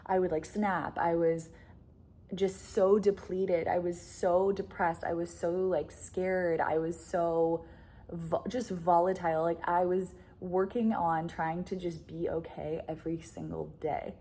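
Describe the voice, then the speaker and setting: A woman's voice: lowish voice, level tone, measured pace, warm tone. A young woman talking candidly to camera as a relationship coach, chatty and blunt, full of "like" fillers, swearing and laughing often. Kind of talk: candid casual monologue to camera.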